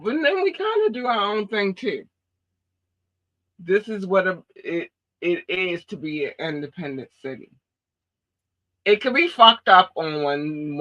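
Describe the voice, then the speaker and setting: A woman from Baltimore, USA, with a Baltimore accent chats casually as a podcast host, emphatic, blunt and profane. Her voice is deep but fairly bright in tone, and the sound is lo-fi.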